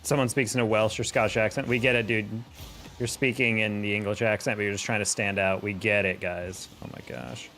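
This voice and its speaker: A man's voice: fairly low pitch, brisk. A young American man chatting casually while playing, reacting to plays and answering viewers. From United States. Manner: relaxed, reacts aloud to plays, chats with viewers. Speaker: streamer and game analyst.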